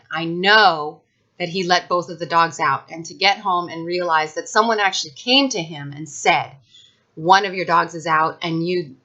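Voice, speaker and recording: A woman's voice: lowish voice, bright, forceful tone, lo-fi sound. A woman speaking frankly and emphatically about her own experience in a casual talk to camera, with many fillers and restarts. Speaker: vlogger sharing personal experience.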